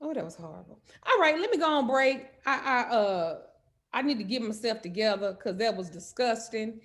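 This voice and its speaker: Loud, profane, high-voiced woman storyteller. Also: normal speed. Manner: animated, loud, cursing freely. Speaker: host.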